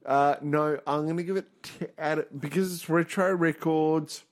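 A man's voice: on the high side, steady tone, moderate pace. A man co-hosting a podcast in casual chat, teasing his friend and stating his views with confidence. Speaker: podcast co-host.

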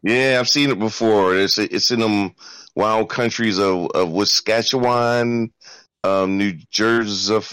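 A man's voice: fairly low pitch, fairly even intonation, slow, a bit bright, clear, resonant tone, no echo. A man co-hosting a casual gaming chat, joking and teasing in a laid-back way.

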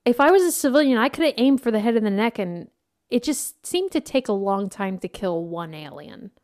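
Female co-host, slightly high voice, giggly and chatty, casual movie talk. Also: animated, brisk, a little mellow. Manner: giggly, chatty, asks questions. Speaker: podcast co-host. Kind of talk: casual movie review chat.

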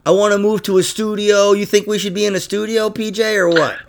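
A man hosting a podcast in casual chat, profane and animated, laughing through his asides. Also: sits high, brisk, gravelly. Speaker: podcast host.

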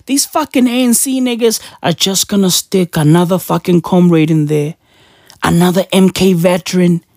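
A woman's voice: a little high, a little mellow, dry recording, studio quality. A woman ranting in a profane, mocking and indignant monologue, constantly asking her listeners "right?". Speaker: commentator.

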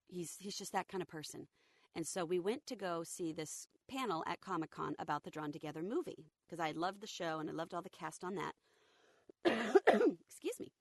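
Woman voice actor, interview guest. Low and deep, recovering from illness, animated storyteller. Dry close recording. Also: dry recording. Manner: lively anecdotal, acts out quotes.

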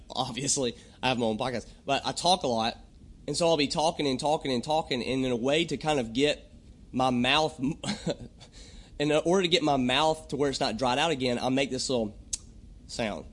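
A young adult man hosting a podcast, talking in a rambling, jokey monologue and often clearing his throat. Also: medium pitch, normal speed. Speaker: podcast host. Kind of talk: casual comedic monologue.

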